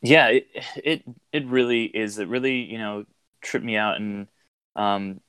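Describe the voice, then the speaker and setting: A man speaks in a fairly low, level tone with very little rise and fall. His voice is smooth and close and dry, and he talks loosely as a casual podcast co-host, trailing into filler words. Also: steady tone, unhurried, fairly bright tone, no echo. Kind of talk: casual chat.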